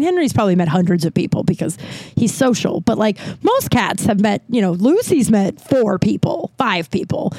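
A woman hosting a casual solo podcast, telling stories in an animated way, laughing often and acting out what other people said. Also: fairly high pitch, no echo. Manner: animated, laughing, acts out quoted voices. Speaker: podcast host.

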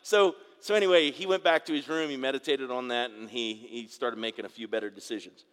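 The middle-aged pastor speaks briskly in a smooth, mid-range, fairly bright voice that echoes through a large hall. His preaching stays conversational, with side remarks and call-outs to the people listening.

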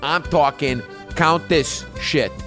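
A man's voice: fairly high pitch, slow pace, music in the background. A man voicing a brash, crude middle-aged woman from New Jersey, putting on a New Jersey accent and telling a story with joking asides. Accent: New Jersey, put on. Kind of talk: comic reading of a listener's story.

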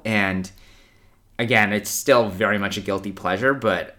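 Podcast co-host, man, low pitch, bright tone, measured and analytical. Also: fairly even intonation. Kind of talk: casual chat.

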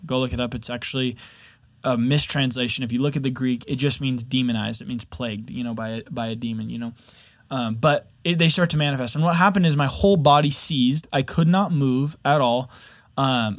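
A young man speaks candidly to his listeners, sharing a personal testimony with earnest openness. His voice sits at an ordinary middle pitch. The sound is dry and close, with no room echo. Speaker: video editor sharing a faith testimony.

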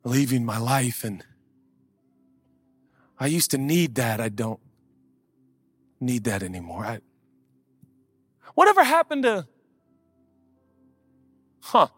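A man preaching a sermon as pastor, swinging between loud impassioned calls and quiet conversational asides. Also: medium pitch, sing-song, slow pace, pauses often, breathy edge, no room sound, in a large hall, soft background music.

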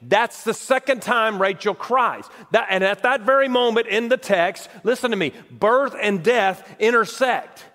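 A man preaching a sermon as pastor, impassioned, dropping to hushed low tones and rising to loud declarations. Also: a little slow, hardly any pauses. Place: church sanctuary. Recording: long reverb of a large hall.

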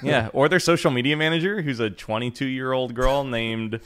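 A man's voice: mid-range voice, moderate pace, a bit bright, clean tone. A man hosting a podcast in casual chat, agreeable and laughing often. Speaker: podcast host.

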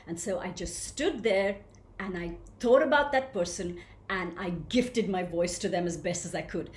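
A woman leading an online voice workshop, telling stage stories and reading out participants' comments in an animated, engaging way. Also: lowish voice, normal speed. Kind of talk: interactive webinar talk. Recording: echoey room with faint ambient noise.

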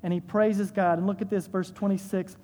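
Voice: medium pitch, flat delivery, fairly quick, dark tone, in a large hall, a little hiss or hum. A pastor preaching a sermon in a church, emphatic, with rhetorical questions and repeated phrases.

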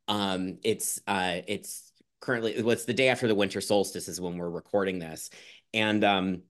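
A man hosting a podcast, chatting openly and animatedly, often laughing and acting out his own past words. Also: on the low side. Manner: animated, laughs often, quotes himself in lively voices. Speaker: podcast host. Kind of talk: casual heartfelt chat.

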